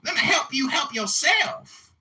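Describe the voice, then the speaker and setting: A man voicing a loud, bullying ranter who taunts people in a mock rant on a voice-chat app. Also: big pitch swings, measured pace, exaggerated voice. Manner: shouting, taunting, high-pitched.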